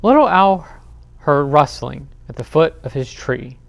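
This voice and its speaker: A man reading picture books aloud as a librarian at a bedtime storytime, expressive with dramatic pauses. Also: medium pitch, creaky, no echo, muffled recording. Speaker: children's librarian.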